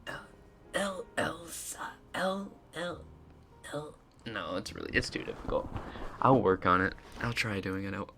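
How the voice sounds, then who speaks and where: A man hosting a casual ASMR live stream. He talks softly and playfully into a close microphone and often drops into whispers. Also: fairly low pitch, gravelly, a little hiss or hum. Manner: soft-spoken, playful, slips into whispers.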